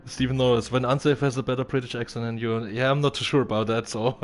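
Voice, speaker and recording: A man's voice: mid-range voice, fairly even intonation, fast. A man commentating a racing stream in casual chat, hesitant and full of fillers.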